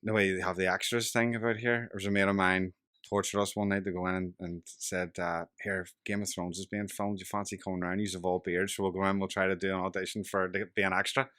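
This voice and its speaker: Fast, bright-voiced Belfast man telling stories. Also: deep voice, smooth, dry recording, clean studio sound. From West Belfast, Northern Ireland. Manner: animated yarn-spinning, swears freely, laughs through punchlines. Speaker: podcast guest, local politician. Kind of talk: casual storytelling chat.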